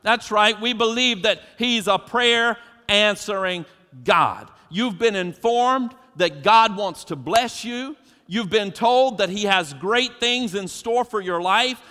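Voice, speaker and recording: A man's voice: high voice, takes it slowly, bright, forceful tone. A man preaching a sermon as pastor, emphatic and preacherly, putting questions to his congregation. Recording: long hall reverb.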